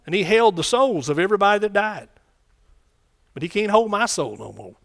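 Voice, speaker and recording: A man's voice: sits high, very animated, a little fast, creaky. A man preaching a sermon in a conversational way, often repeating phrases and asking the congregation questions.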